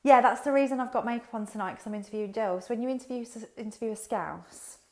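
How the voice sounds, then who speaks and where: Talking quickly in a slightly high, somewhat mellow voice, a woman runs a relaxed livestream as a business coach. Through her headset microphone she chats straight to viewers, unfiltered and cursing freely.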